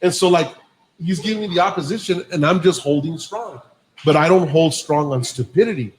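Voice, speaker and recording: Profane man telling a story, slightly high voice. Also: a little fast, slight background noise, low-quality recording. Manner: profane, animated anecdote-telling with quoted dialogue. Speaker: podcast host. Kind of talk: casual storytelling.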